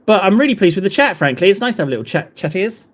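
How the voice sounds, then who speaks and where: A man's voice: sits high, sing-song, racing. A man, chatting casually with live viewers in a rambling, self-deprecating way. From England. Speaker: livestream host.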